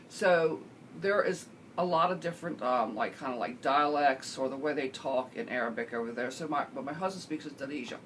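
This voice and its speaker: A middle-aged woman vlogger chatting casually as she answers viewer questions, rambling with lots of fillers and the odd throat-clear. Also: rumbling low, slight background noise. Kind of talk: casual chat.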